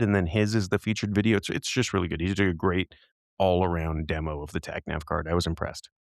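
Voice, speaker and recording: Male podcast co-host, low voice, dry close sound, rambling casual chat, quick to laugh. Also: steady tone, gravelly, dry recording. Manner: chatty, rambling, laughs easily.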